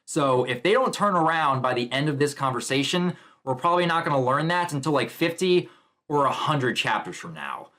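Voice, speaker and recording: A man's voice: a little high, animated, moderate pace, pushed and bright. Man chatting through a comic chapter. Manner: casual, chatty, narrates panels. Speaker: manga reaction YouTuber. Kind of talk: casual commentary, reading a comic aloud.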